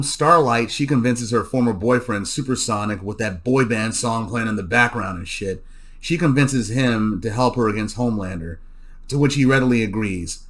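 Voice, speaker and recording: Man casually recapping a TV episode. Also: medium pitch. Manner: loose, repeats words and restarts, laughs at jokes. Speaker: show recapper.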